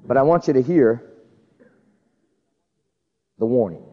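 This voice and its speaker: In a storytelling sermon, a man with a medium-pitched voice takes it slowly, animatedly acting out the people in his tale. The recording is dull, with long hall reverb.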